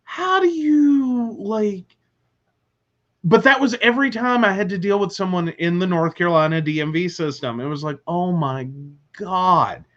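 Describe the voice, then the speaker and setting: A man's voice: sits high, normal speed, a bit bright, highs cut off. A man hosting a casual talk show, rambling along with many filler words. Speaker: host. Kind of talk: casual chat.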